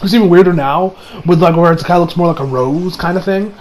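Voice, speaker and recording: High-voiced man rambling through an anime recap. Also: quick pace, crowd noise, rough recording. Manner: excitable and rambling, swears freely, restarts sentences. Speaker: anime episode reviewer. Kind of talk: casual spoken episode recap.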